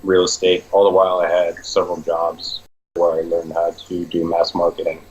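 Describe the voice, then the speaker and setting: A man's voice: deep voice, monotone, moderate pace, a little mellow, highs cut off, slight background noise. A man working as a real estate agent, telling stories in a casual, joking interview.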